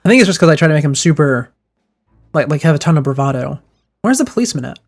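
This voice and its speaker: A man streaming a video game, with excitable reactions while he comments and reads the dialogue aloud. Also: a little high, fast, soft background music. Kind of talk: let's-play commentary, reading dialogue aloud.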